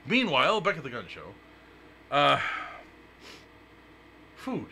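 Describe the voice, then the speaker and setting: A man's voice: fairly high pitch, wildly swooping pitch, takes it slowly, gravelly, bright, forceful tone. A man hosting a talk radio show in casual chat, joking and blunt, swearing freely. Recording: noisy live radio stream.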